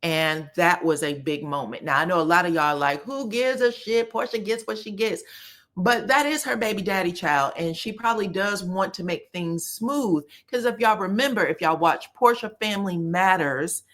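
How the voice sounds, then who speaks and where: A woman giving a casual, sassy recap of a reality show, animated, and slipping into the voices of the people she quotes. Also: lowish voice, moderate pace, hardly any pauses. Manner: animated, sassy, slips into voices of the cast when quoting.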